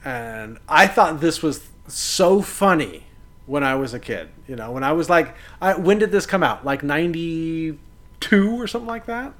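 A man in his thirties co-hosting a casual movie podcast, easygoing and quick to react. His voice sits a little high and moves freely up and down. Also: lively intonation, a bit bright. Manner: easygoing, reacting with short interjections. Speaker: podcast co-host. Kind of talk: casual movie-review chat.

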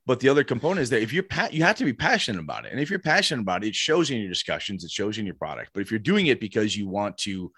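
A man talking casually as a guest about designing and publishing his tabletop game, animated and telling stories with quoted voices. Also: on the low side, very fast, few pauses, breathy edge, dry recording, clean studio sound. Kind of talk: casual podcast conversation.

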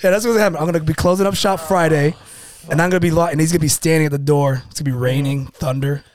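A man's voice: on the high side, fairly even intonation, rapid-fire, a little mellow. A man co-hosting a podcast in casual chat, telling playful stories. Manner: playful, storytelling, laughing. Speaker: podcast co-host.

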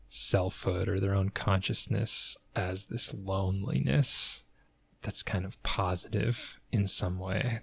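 A man's voice: lowish voice, creaky, fairly bright tone, slightly rough, no echo. A man co-hosting a podcast, talking through a book in a thoughtful, hedging way and searching for words. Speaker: podcast co-host. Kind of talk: casual book discussion.

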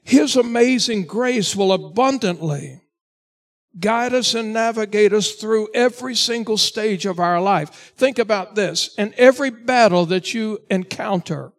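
High-voiced preaching pastor. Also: male voice, a little slow. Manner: earnest, exhorting, repeats "listen" to the congregation. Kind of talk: sermon.

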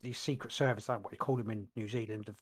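A man's voice: fairly low pitch, fairly even intonation, rapid-fire. Rambling man, casual podcast chat. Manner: rambling, searches for words, many restarts. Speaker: podcast co-host.

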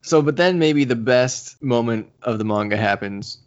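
Male podcast co-host, casual and animated, voices characters while retelling; dull lo-fi recording. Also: mid-range voice, moderate pace. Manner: animated storytelling, acts out characters' lines. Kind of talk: casual chat recapping a manga. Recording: slightly dull lo-fi audio.

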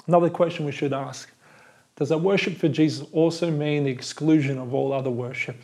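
A man's voice: on the high side, fairly quick, darkish tone. A man preaching a sermon as pastor, earnest and building to fervent, emphatic lists.

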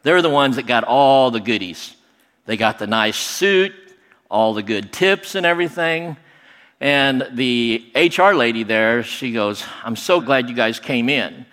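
A man telling a personal story to an audience, animated and acting out what people said. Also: medium pitch, a little slow. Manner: animated, acts out quoted voices. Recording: long hall reverb.

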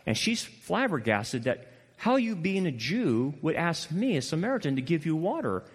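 A man's voice: very animated, normal speed, husky. Impassioned male pastor in a reverberant church. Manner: emphatic, swings between loud passionate peaks and low intimate asides. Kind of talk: sermon. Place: church sanctuary. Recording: long hall reverb.

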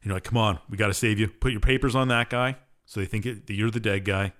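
A man's voice: lowish voice, fairly even intonation, fast, a bit bright. A man co-hosting a podcast, casually recapping a game's story in a laid-back, dismissive way. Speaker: podcast co-host. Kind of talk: casual chat, recapping a game plot.

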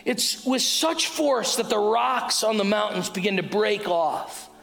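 High-voiced pastor preaching in a hall. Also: male voice, expressive, measured pace, gravelly. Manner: call-and-response, swings from loud to hushed. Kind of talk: sermon. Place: church hall. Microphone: wearing a mic. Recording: sermon in a hall with music.

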